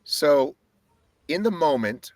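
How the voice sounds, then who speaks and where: A man's voice: a little high, slow pace, no echo. Guy on a podcast going through his race, voice all over the place, swears a lot, dry sound. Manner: animated storytelling, swears a lot. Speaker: podcast co-host. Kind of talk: casual race recap.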